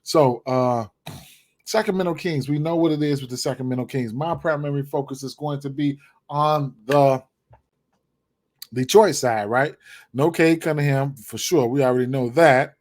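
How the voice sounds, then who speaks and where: Guy rambling thru his betting picks, lots of uh and um, keeps repeating himself, mid pitch. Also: normal speed. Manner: rambling, many fillers and repeats. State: hiccups, clearing throat. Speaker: sports betting host. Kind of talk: casual betting picks talk.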